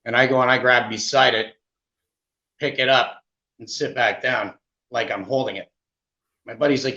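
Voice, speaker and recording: Canadian man guest, candid personal storytelling, mid-pitched, slightly muffled lo-fi audio. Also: moderate pace, long pauses. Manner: animated, with frequent "right?" asides. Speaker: podcast guest.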